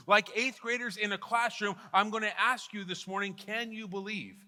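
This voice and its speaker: A man's voice: high voice, fairly even intonation, moderate pace, few pauses, sharp tone, big-room sound. A middle-aged man preaching a sermon as pastor, telling a story with emphatic repetitions. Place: church sanctuary.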